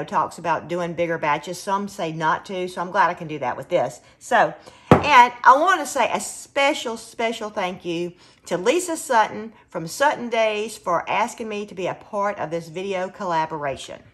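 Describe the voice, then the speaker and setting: A friendly woman with a drawl talks viewers through her canning in a home kitchen. Her voice sits at a middling pitch, and she keeps up an easy, chatty running commentary on each step as she works. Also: a bit bright. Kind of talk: casual cooking demonstration.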